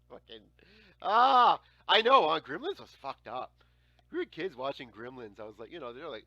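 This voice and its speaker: A man in his forties hosting a casual livestream chat, telling stories in an animated way, with frequent swearing and laughter. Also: on the high side, measured pace, pauses often, dry recording. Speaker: livestream host.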